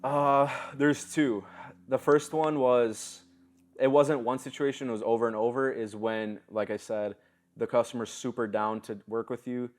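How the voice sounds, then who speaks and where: A man's voice: mid-range voice, moderate pace. A young man in his twenties, a podcast guest, telling stories in casual slang. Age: 20s. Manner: storytelling, lively, casual slang.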